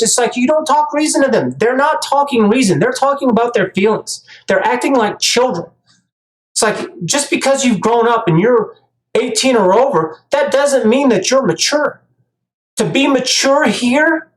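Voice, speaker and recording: A heated commentator rants straight to the viewer in a monologue, tripping over and repeating words as the points pile up. The voice sits in a mid range and rings in a roomy, echoey space. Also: medium pitch. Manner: heated, stammering restarts. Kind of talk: ranting monologue. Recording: echoey room.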